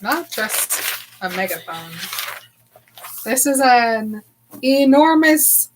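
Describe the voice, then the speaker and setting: A woman's voice: a little high, big pitch swings, background noise. Playful woman chiming in with jokes. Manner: playful, chimes in with quick jokes and asides. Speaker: podcast co-host. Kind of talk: casual chat. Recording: live podcast recording.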